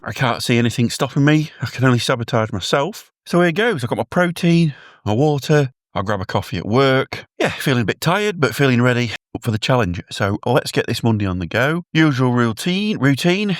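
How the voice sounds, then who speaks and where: Chatting to his phone in a loose, wandering video diary, this British vlogger has a self-deprecating way about him. His pitch is medium, captured cleanly in studio quality with no echo.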